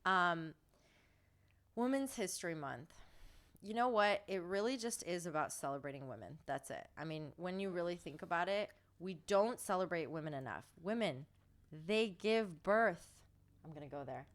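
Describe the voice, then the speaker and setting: A woman's voice: on the low side, expressive, moderate pace. A woman hosting a podcast in casual chat, gushing and talkative, laughing often in a studio. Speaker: podcast host.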